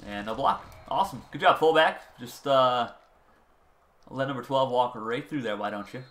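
A man giving casual commentary over his own football video game, excitable and quick to shout at bad plays. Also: mid-range voice. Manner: excitable, swings from calm play-calling to loud outbursts. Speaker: gaming channel host. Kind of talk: gameplay commentary.

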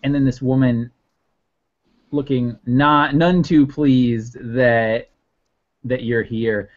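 Game master, male, unhurried and rambling narration, muffled lo-fi sound. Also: medium pitch, steady tone. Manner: rambling, many fillers. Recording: dull lo-fi audio.

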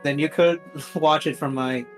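A man streaming a video game, reacting excitedly and chatting casually with friends. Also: a little high, unhurried, soft background music. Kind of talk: casual gaming chat.

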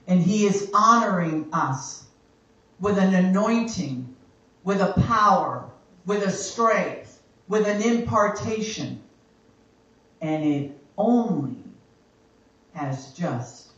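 A woman leads worship in a church, speaking very slowly and with weight, stacking repeated phrases one on another. Her tone is bright and forceful. She is picked up from across a very echoey church hall. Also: medium pitch, distant mic, muffled recording. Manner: slow, emphatic, repeating phrases for effect. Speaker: worship leader. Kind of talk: spoken exhortation during worship. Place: church sanctuary.

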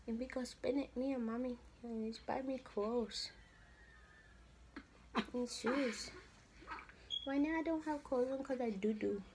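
A mother putting on the voice of a newborn baby girl, sweet and proud of her mommy, cooing softly with breathy whispers mixed in. The voice sits high and lilting, with a faint hiss of room noise behind it in a home vlog.

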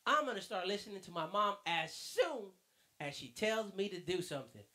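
A man's voice: sits high, sing-song, normal speed, sharp tone, heavily acted. A man voicing an eager young nephew who earnestly agrees with his uncle in a church lesson skit.

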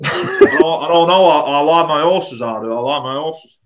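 A man's voice: fairly high pitch, normal speed. A man hosting a podcast quiz, reading clues and laughing often. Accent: English. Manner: laughing, excitable quizmaster. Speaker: podcast host running a quiz. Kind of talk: casual chat.

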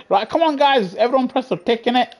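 A man's voice: very high voice, fairly bright tone. Slangy, laughing gaming streamer man. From England. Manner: playful teasing, laughs often, slangy. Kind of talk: live gameplay commentary chatting to a lobby.

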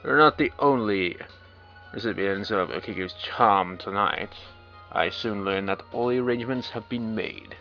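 A man with a voice on the low side reads a visual novel aloud at a moderate pace, breaking off now and then for wry, sarcastic jokes. He's a let's play commentator, and the recording is dull and lo-fi with faint game music underneath.

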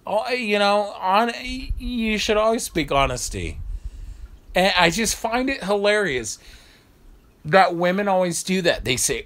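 A man's voice: sits high, big pitch swings, a little slow, fairly bright tone. A man vlogging in a blunt, heated, profane rant. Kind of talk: ranting monologue.

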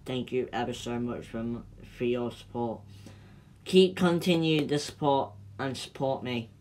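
Slow, gushing man. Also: medium pitch, steady tone, darkish tone. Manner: gushing, repetitive thanks. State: emotional, near tears. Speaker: social media creator. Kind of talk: thank-you vlog to followers.

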